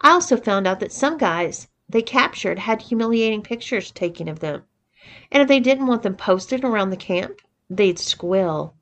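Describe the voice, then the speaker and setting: A woman's voice: medium pitch, expressive, moderate pace, lightly acted. A woman reading the part of a sheepish young man recounting a story, matter-of-fact.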